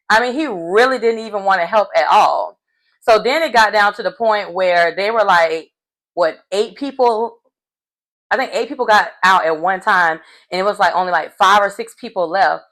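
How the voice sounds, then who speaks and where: A woman's voice: medium pitch, measured pace, poor audio. Chatty woman recapping a reality show. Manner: animated, slangy, chatty storytelling. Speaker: recap host. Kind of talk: casual episode recap.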